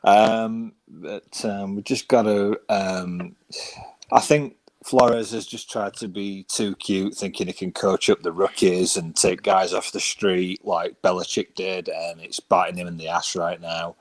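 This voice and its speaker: A man from the UK giving his take as a podcast panelist, hesitant at first with many pauses, then blunt and critical. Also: sits low, steady tone, no room sound. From United Kingdom. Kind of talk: casual podcast chat.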